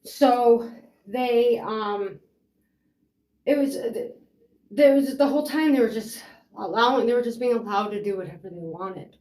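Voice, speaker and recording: A woman's voice: on the high side, a little mellow. A woman telling her own story of a custody fight, rambling and frustrated, with lots of fillers. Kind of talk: personal storytelling. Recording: roomy echo.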